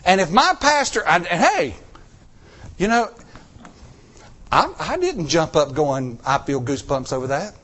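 A man's voice: fairly high pitch, sing-song, unhurried, long pauses, fairly bright tone. A middle-aged man preaching a story-filled sermon, acting out quotes in shifting voices.

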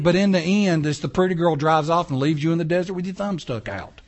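A man delivers a sermon from the pulpit. His voice sits high for a man, and he keeps things animated with rhetorical questions and offhand remarks to the congregation. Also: a little fast, few pauses. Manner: animated preaching with casual asides and rhetorical questions. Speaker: pastor. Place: church sanctuary.

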